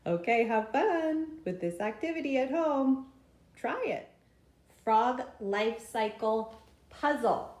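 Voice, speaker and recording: A woman teaching a craft and song lesson to young children as a preschool teacher, in a gentle, sing-song manner. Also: on the high side, animated, slow. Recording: roomy echo, faint room noise.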